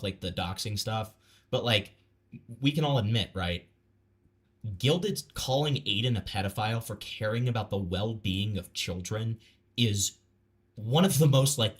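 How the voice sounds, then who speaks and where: A man reacting live on stream in a casual, rambling way. His voice sits a little low, and he stammers through restarts and fillers. He talks bluntly and swears freely. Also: fairly bright tone. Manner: blunt and profane.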